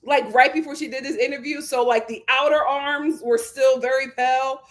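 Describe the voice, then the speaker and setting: A young adult woman hosting a solo commentary on a reality show, talking in an animated, indignant way and breaking into laughter. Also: moderate pace. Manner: animated, indignant, laughs and jumps up in pitch when quoting herself. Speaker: commentary channel host.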